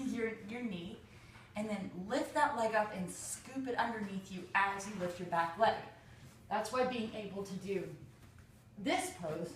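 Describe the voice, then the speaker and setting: A woman's voice: mid-range voice, a little hiss or hum. A woman teaching a yoga pose, encouraging and talking the viewer through it step by step. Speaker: yoga instructor. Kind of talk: spoken yoga tutorial. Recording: roomy echo, voice from a distance from the mic.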